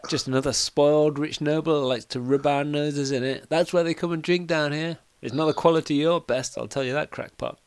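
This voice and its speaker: A man's voice: a little high, steady tone, fairly quick, few pauses, clean tone, no echo, pitched above the performer's own voice, close to an everyday voice. A man voicing a scornful tavern barmaid who gossips about rich nobles.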